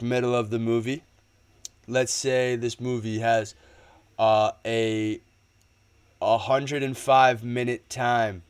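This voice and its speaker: A young man giving casual, excitable commentary on a movie trailer, rambling and slangy. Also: medium pitch, clear, resonant tone. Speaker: movie trailer breakdown YouTuber.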